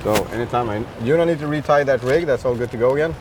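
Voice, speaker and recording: A man's voice: medium pitch, rapid-fire, noisy background. A man with a Swedish accent hosting a casual live fishing stream from a boat, chatting with viewers and asking his guest questions. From Sweden. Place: on a boat at sea, outdoors.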